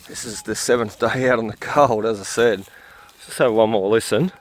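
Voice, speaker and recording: A tired man hosting a metal detecting video, talking in a halting, rambling way full of fillers while he searches outdoors. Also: on the low side, steady tone, a little hiss or hum. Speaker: metal detecting channel host. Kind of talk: rambling casual vlog talk while detecting.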